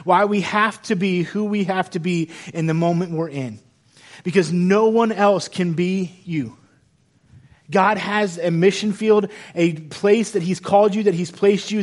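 A man in his thirties preaching a sermon in an animated, conversational way, with self-deprecating humor. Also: high-pitched. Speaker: pastor.

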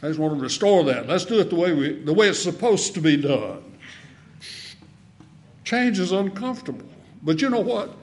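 A man preaching a sermon in a folksy way, asking the congregation questions and swinging between loud emphasis and soft asides. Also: sits high, very animated, moderate pace, long pauses.

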